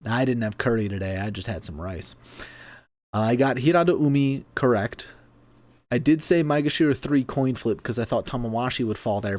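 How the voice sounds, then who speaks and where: A man's voice: mid-range voice, a little mellow. A man hosting a casual livestream from home, chatty and self-deprecating, laughing often and eating between remarks. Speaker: sumo livestream host.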